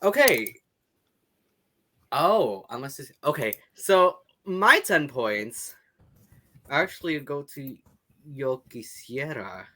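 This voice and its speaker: A man co-hosting a podcast in casual chat, agreeable and quick to confirm points. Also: mid-range voice, very animated, pushed and bright. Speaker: podcast co-host.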